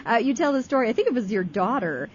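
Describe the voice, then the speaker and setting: A woman's voice: a little high, big pitch swings, quick pace, highs cut off, a little hiss or hum. A woman hosting a radio interview, asking questions in an encouraging, attentive way. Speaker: radio host. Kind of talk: interviewing a guest.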